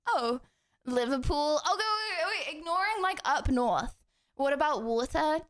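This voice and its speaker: A woman's voice: high-pitched, lively intonation, normal speed, a bit bright. A young English woman with a southern English accent, streaming and chatting casually, giggly and rambling with lots of fillers. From England. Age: young adult. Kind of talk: casual live-stream chat.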